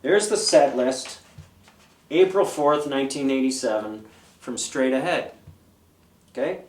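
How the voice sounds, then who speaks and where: A man's voice: medium pitch, measured pace, a little mellow, recorded from a distance. A man in his fifties, a guest in an interview, telling loose, rambling stories and listing old band names. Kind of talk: casual storytelling. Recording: roomy, away from the mic.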